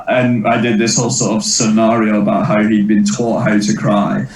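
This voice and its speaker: A man, a comedian telling rambling stories in a relaxed interview, quick to laugh. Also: medium pitch, noisy background. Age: 30s. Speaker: comedian and impressionist guest. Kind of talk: casual interview chat. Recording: echoey distant mic.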